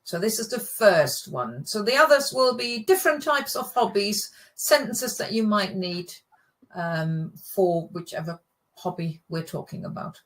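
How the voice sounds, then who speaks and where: A woman's voice: medium pitch, animated, unhurried. German-native woman teaching, patient, explains pronunciation step by step. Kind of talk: casual language lesson.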